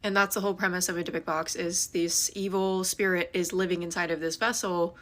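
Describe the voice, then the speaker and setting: A woman telling a scary story to her viewers in a quick, chatty way, with dramatic asides. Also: on the low side, steady tone, fairly bright tone. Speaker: ghost story creator. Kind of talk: casual storytelling to camera.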